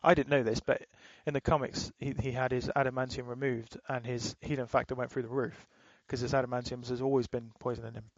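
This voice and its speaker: Casting note: man, podcast co-host, loose swearing chatter, flat tone, dry close sound. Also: medium pitch, fairly quick, hardly any pauses, dry recording, highs cut off. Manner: rambling, swears freely, laughs while retelling. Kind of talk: casual chat.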